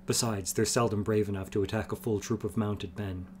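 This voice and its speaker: A man's voice: on the low side, fairly even intonation, fairly quick, slight background noise, natural voice. A man voicing a fierce, hawk-like male clan chief who speaks curtly and bluntly. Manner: curt, blunt.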